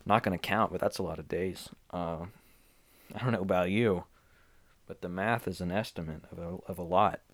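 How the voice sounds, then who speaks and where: Deep-voiced guy doing his solo podcast half awake, loose and rambly, lots of uhs, cozy pillow-filled room. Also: normal speed. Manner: loose, unscripted, drifting between topics with many fillers. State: groggy, just woken up. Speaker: podcast host. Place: small home room full of blankets and pillows.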